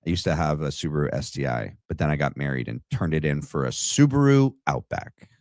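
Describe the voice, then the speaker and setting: A man's voice: rumbling low, animated, a little fast, a little mellow, no echo. A man hosting a livestream, reacting to clips in blunt, mocking casual commentary and calling people names. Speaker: livestream host.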